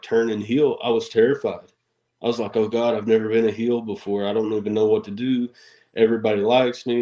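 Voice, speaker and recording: Man, wrestler guest, animated storytelling, laughs a lot, mid pitch. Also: rough recording. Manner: animated storyteller, acts out shouted quotes, laughs often. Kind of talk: casual storytelling interview.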